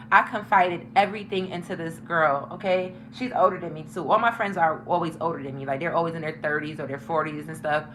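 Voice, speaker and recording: A young woman telling a story to her viewers, animated and profane, talking straight to the camera in a casual storytime. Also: on the low side, slight background noise.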